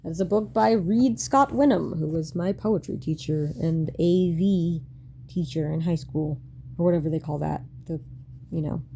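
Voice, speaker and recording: A woman's voice: on the low side, darkish tone, slight background noise. A woman in her late twenties reading her old diary aloud and commenting on it in a wry, self-mocking way, swearing and laughing often.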